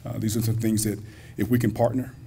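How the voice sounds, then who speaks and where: A man with a lowish, slightly rough voice and a dark tone speaks briskly with a flat delivery. Acting as a college president at a community banquet in a school hall, he gives a folksy, joking public speech aimed straight at the audience.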